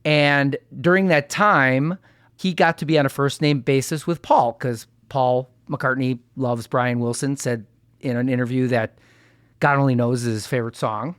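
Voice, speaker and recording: A man hosting a podcast, narrating in an earnest, measured, scripted way. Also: mid-range voice, steady tone, fairly bright tone, no echo, studio quality. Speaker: podcast host.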